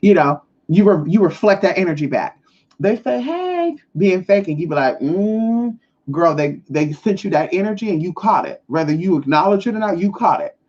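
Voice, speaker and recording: A woman's voice: fairly low pitch, fairly quick, hardly any pauses, breathy edge, lo-fi sound. Blunt, profane woman livestreaming. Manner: blunt and profane, with lively acted-out quotes. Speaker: spiritual advisor hosting a live stream. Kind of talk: casual live-stream talk.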